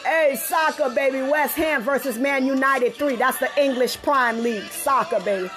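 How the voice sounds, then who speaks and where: A woman's voice: high-pitched, normal speed, hardly any pauses. A woman hosting a sports podcast, reading scores in a loose, slangy, playful way and slipping into a preachy tone. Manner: loose and playful, slangy, laughing, drops into a gospel tone. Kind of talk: casual sports chat. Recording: music playing underneath. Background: music.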